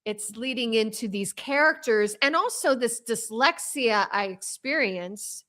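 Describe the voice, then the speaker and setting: Animated, bright-voiced woman guest. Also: a little high. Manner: animated, fast and rambling with many restarts. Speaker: author and trauma coach as guest. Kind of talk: casual interview talk.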